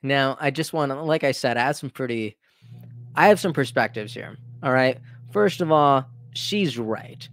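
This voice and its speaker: On his own commentary channel, a man offers casual political takes in an opinionated, conversational style, often restarting sentences. His mid-range voice is a bit bright and moves at a moderate pace, recorded cleanly in a studio with no room sound.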